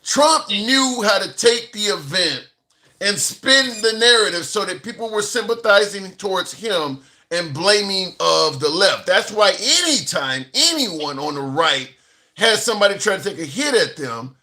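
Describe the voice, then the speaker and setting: A man hosting a casual political chat, reading out viewer comments in a wry, measured way. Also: sits high, lively intonation, bright, forceful tone.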